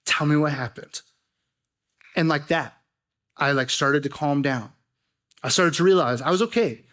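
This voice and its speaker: A young man preaching a youth sermon, telling stories in a joking, animated way with lots of fillers. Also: a little high, normal speed. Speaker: youth pastor. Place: church youth service.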